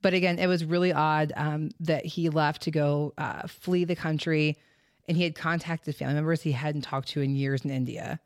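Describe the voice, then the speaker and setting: A woman's voice: low voice, steady tone, normal speed, clear, resonant tone, no echo. Chatty woman with a dry close sound. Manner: chatty, loose and swearing, with many fillers. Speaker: podcast host. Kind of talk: casual true crime podcast chat.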